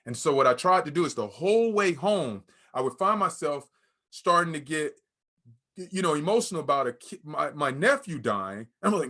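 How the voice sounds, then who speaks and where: Man, guest, candid personal storytelling, emotional, higher voice, bright tone. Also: sing-song, normal speed. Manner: candid, emotional, acts out quoted dialogue.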